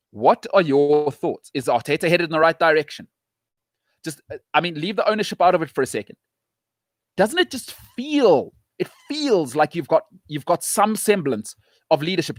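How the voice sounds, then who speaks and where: A man's voice: sits high, no echo, studio quality. Punchy opinionated male show host. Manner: emphatic, punchy repetitions, fast opinions. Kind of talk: opinionated football talk show.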